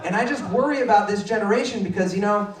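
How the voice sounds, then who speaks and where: Young guy doing standup, yells out kid voices, echoey club sound from a distance. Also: fast talker, a faint crowd. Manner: acts out kids in shrill shouts. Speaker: stand-up comedian. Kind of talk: stand-up set. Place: club stage, roomy. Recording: roomy live club sound from afar.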